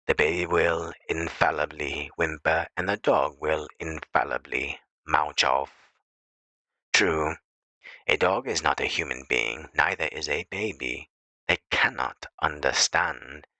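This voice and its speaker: A man reading an essay aloud as an audiobook narrator, in a measured, deliberate way. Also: very deep voice, sharp tone, no echo, low-quality recording. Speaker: audiobook reader.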